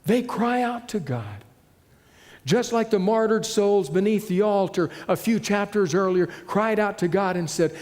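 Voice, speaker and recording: Slow, dramatic male preacher in a reverberant hall. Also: sits high, lively intonation. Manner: dramatic storytelling, dropping to hushed tones. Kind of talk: sermon. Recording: long reverb of a large hall.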